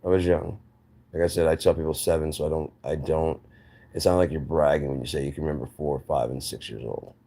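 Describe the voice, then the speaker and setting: Speaking a little fast in a warm, steady bass, an American channel host gives a casual monologue to camera. He rambles through opinionated takes, often restarting his sentences.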